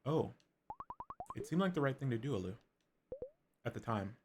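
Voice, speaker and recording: A man's voice: mid-range voice, expressive, moderate pace, darkish tone, a little hiss or hum, natural voice. A man voicing a tired, defensive mother in a video game, over game music. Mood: regretful.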